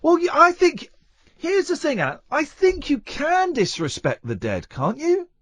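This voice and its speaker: A man's voice: very high voice, huge pitch swings, a bit bright, dry recording. A man hosting a radio show, chatting casually and teasing his co-host. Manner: playful, teasing, quick to joke.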